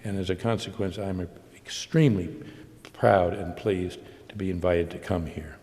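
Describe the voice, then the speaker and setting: A man's voice: low voice, steady tone, warm tone. Older man lecturing in a reverberant hall. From United States. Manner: measured, slow emphatic delivery with repetitions. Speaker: guest lecturer. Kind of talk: public lecture. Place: large auditorium.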